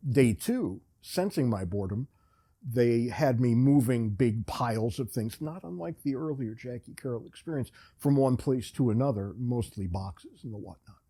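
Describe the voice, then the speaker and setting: A man's voice: mid-range voice, lively intonation, moderate pace, dark tone. A man hosting a podcast, telling a rambling, self-deprecating story in a casual, wry way. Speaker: podcast host.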